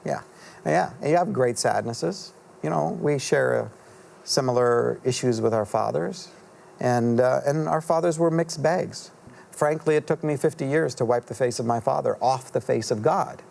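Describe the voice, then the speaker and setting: A middle-aged man, an author guest in a TV studio interview, telling a story in an earnest, halting way with many fillers and restarts. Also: mid-range voice, creaky, darkish tone.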